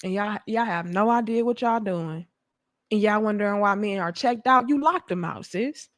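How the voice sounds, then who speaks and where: A young adult woman, delivering a profane, animated commentary rant and acting out mocking voices. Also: medium pitch, moderate pace. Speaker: commentary host. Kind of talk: ranting commentary monologue.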